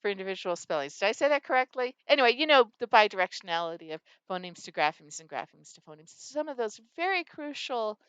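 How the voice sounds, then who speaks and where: A woman's voice: medium pitch, fast, few pauses, clear, resonant tone, no room sound, highs cut off. A woman reading teacher explaining a phonics game and acting out her students' answers. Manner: animated, acts out student answers.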